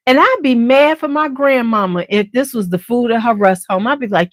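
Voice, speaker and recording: A woman with a Chicago accent hosting a beauty channel, chatting casually to her viewers in an animated, sassy way and jumping into high, exaggerated quoted voices. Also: normal speed, few pauses, dry recording. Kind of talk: casual chat to camera.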